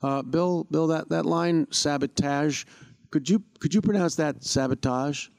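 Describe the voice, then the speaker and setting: A meek recording engineer, as a man puts him on, pitched well above the man's normal voice. He hesitates, restarts, and gently tries to coax a performance out of someone. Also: unhurried, gravelly. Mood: tentative.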